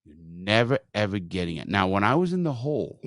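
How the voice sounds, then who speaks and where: A man hosting a podcast, telling a story in a blunt, profane, animated way. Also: on the low side, brisk, no room sound, studio quality. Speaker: podcast host.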